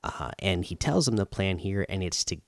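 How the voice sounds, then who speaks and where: A man's voice: low-pitched, animated, normal speed, vocal fry, no echo, clean studio sound. A man hosting a show, casually recapping a TV episode with lots of ums and uhs and the odd chuckle. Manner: frequent ums and uhs, chuckles while retelling. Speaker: show host reviewing a TV episode.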